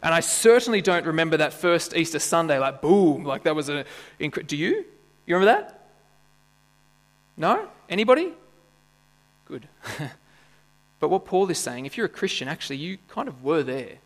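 A man's voice: on the high side, expressive, moderate pace. A man preaching a sermon to his church congregation, conversational and playful, often asking the congregation questions and adding jokes. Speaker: pastor. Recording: church hall with long reverb and mains hum.

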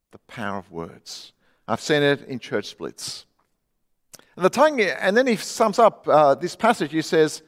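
A middle-aged man preaching a sermon, conversational, dropping from loud to hushed for emphasis. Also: fairly high pitch, very animated, measured pace, long reverb tail. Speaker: pastor. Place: church.

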